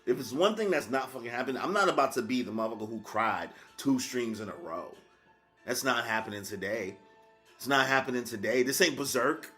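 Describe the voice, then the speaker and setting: A man streaming a live reaction, excitable and slangy, swinging between hype and sorrow. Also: medium pitch, a little fast, soft background music.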